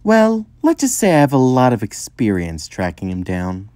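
A man's voice: medium pitch, huge pitch swings, normal speed, darkish tone, no echo. A man voicing a determined young female hedgehog heroine in a raised, spirited voice.

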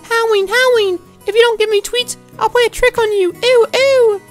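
A man's voice: extremely high pitch, fairly even intonation, brisk, faint music behind, pitched above the performer's own voice. A man voicing a whiny, hyperactive little girl in a visual novel, squealing and repeating childish noises. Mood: excited.

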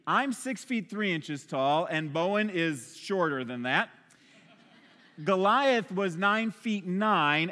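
Bright-voiced male pastor preaching. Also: high voice. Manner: energetic, conversational preaching. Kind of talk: sermon. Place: church stage with a congregation. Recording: long hall reverb.

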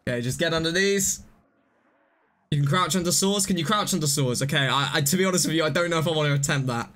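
Speaking fast with a voice on the high side, a young man gives rambling live commentary on his gameplay. He mocks his own slip-ups and occasionally bursts out excitedly.

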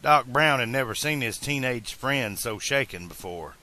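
A man narrating an amateur audiobook at an uneven pace, slowing on some phrases. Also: medium pitch, expressive, sharp tone.

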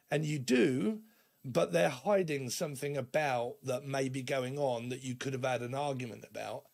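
Gravelly man reading tarot. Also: mid-range voice, moderate pace, a little mellow. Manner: rambling and chatty, often laughing; acts out imagined dialogues in shifting voices. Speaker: tarot reader.

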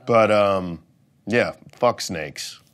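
Male comic, low voice, loud profane rant with sudden muttered asides. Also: drawn-out words. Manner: profane, swings from loud outbursts to mumbled asides. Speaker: comedian rating things as overrated or underrated. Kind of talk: comedic rant to camera.

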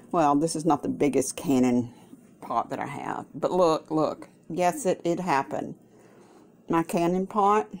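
A woman's voice: lowish voice, darkish tone. A woman vlogging casually in her home kitchen, playful and doting, full of delighted exclamations. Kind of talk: casual cooking vlog.

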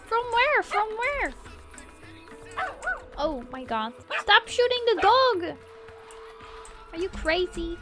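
A woman's voice: very high voice, sing-song, takes it slowly, long pauses, over music. A young woman streaming a game, giggling and squealing as she role-plays as a puppy. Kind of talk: playful gaming stream.

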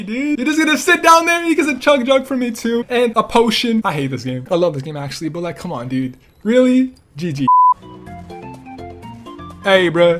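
A young man giving jokey gameplay commentary, trash-talking, boasting loudly and then grumbling under his breath. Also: very high-pitched, normal speed, music in the background. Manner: animated, jokey and trash-talking, swings between loud boasts and mumbled gripes. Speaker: gaming YouTuber.

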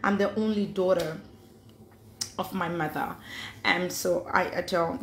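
A woman's voice: medium pitch, fairly even intonation, a little slow, a bit bright, echoey room. Chatty woman. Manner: chatty, mixes in pidgin, gives blunt advice. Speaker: vlogger. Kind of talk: casual live-stream chat.

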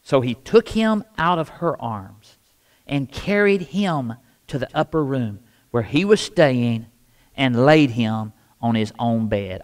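A man in his sixties with a Midwestern American accent, preaching a sermon as lead pastor, swinging between hushed asides and loud emphatic repetition. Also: medium pitch.

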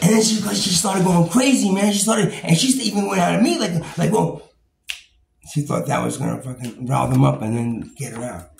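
A man with a fairly high voice rants in a rambling, profane way. He stumbles over repeated words and laughs bitterly. The room echoes around him, with a faint hiss underneath. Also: a little fast, vocal fry. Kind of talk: angry personal rant. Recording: roomy echo, faint background noise.

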